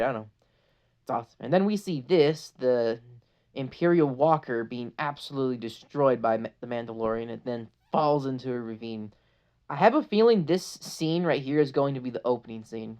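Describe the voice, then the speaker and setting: Chatty, excited fan vlogger with a dull lo-fi sound. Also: medium pitch. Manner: excited, chatty, with frequent "like" fillers. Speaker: trailer breakdown vlogger. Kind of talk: casual fan commentary. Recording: dull lo-fi audio.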